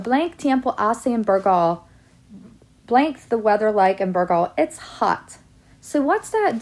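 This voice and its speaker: A woman with a slightly gravelly edge to her voice walks her students through a Spanish lesson. She reads example sentences in English and Spanish and explains each answer in turn, at a middling pitch. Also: a little mellow, a little hiss or hum. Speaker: Spanish teacher. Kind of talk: classroom lesson video.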